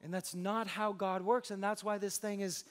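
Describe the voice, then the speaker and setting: A young adult man preaching with a high, light voice. His delivery is conversational and joking, and he slips into short acted-out exchanges to make his point before returning to the sermon. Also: level tone, moderate pace. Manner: conversational, joking, acts out little dialogues. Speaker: pastor.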